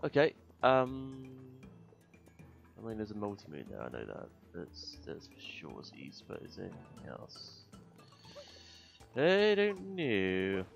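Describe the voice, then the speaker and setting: A man commentating his gameplay, muttering to himself between loud, swearing outbursts, a little tired. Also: low-pitched, wildly swooping pitch, normal speed, gravelly, lo-fi sound. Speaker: gaming video host. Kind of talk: let's play commentary. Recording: faint game music behind.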